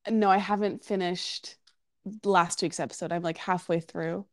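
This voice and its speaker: A woman's voice: fairly low pitch, steady tone, normal speed, darkish tone, no echo, clean studio sound. A woman co-hosting a podcast in casual chat, rambling with many fillers and restarts. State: has the hiccups. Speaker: podcast co-host.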